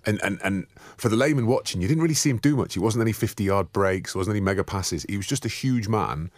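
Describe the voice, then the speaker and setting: A man with a Sunderland accent co-hosting a casual rugby chat, animated and jokey as he tells stories. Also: on the low side, quick pace, dry recording. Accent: Sunderland English. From England. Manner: animated storyteller, jokey banter. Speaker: podcast co-host.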